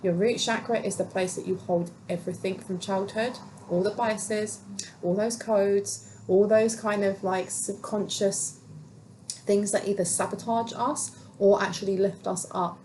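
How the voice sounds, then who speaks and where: A woman's voice: mid-range voice, steady tone, measured pace, a little mellow, slight background noise, poor audio. A woman giving a solo tarot reading, musing aloud and questioning the cards as she goes. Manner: musing, talks to herself and the cards. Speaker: tarot reader.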